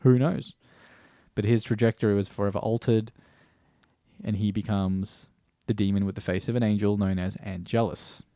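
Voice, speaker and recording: An Australian man reviews a TV series in a rambling, stream-of-consciousness style, casually swearing and frequently restarting sentences. His voice is lowish, steady, and warm, at a moderate pace, recorded in a clean studio with no echo.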